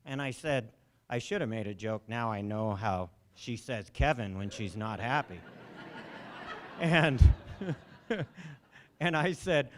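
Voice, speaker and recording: A man's voice: medium pitch, expressive, normal speed. A man emceeing a memorial service in a lecture hall, speaking into a handheld microphone and telling anecdotes, briefly mimicking voices in his quotes. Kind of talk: speaking to a gathering.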